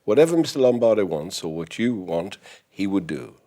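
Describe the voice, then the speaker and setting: An older man with a London accent, polished by years of formal work, talks in a very deep, low voice. He answers courteously and precisely, with formal phrasing. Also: big pitch swings, moderate pace, mellow. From East End of London. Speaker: butler school head and toastmaster. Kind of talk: interview answers.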